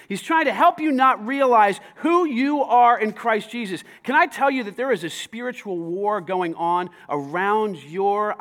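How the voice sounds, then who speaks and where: A man preaching to his church, talking conversationally with many rhetorical questions and rising to shouts. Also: high-pitched. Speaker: pastor. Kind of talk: sermon.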